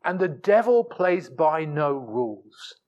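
A man preaching a sermon, emphatic, swinging between forceful peaks and low asides, often repeating words as he restarts phrases. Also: big pitch swings, takes it slowly, lo-fi sound.

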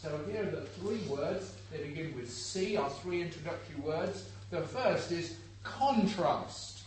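An older man preaching a sermon in church. He talks to the congregation directly, in an earnest, conversational way. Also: a little high. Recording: echoey room, distant mic, faint background hum.

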